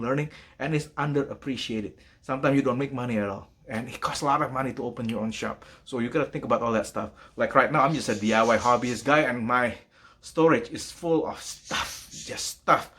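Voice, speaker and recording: A hobbyist car mechanic, a man, talking casually to camera in his home garage, excitable and fond of rhetorical questions. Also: on the high side. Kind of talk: casual vlog talk to camera.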